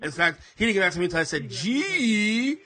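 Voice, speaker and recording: A man's voice sits a touch high and rings with a bright, forceful edge. He hosts a relaxed podcast chat, tripping over and repeating his words as he goes, and often breaks into laughter. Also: fairly quick. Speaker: podcast host. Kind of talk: casual chat.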